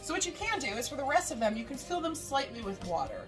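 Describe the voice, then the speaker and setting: A woman's voice: high voice, very animated, fast talker, music in the background. A woman casually talking through a recipe in her kitchen, chatty and rambling. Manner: chatty, rambling, lots of "uh" and laughs. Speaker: baking vlogger. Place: home kitchen.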